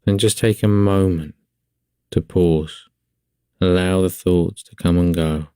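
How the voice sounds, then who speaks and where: A man leading a guided breathing meditation in a slow, soothing, calm manner. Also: low-pitched, clean tone, dry recording, studio quality.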